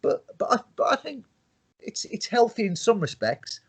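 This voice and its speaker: Husky-voiced musician man. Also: extremely high pitch, big pitch swings, moderate pace, fairly bright tone. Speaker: musician, band member. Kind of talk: casual interview chat.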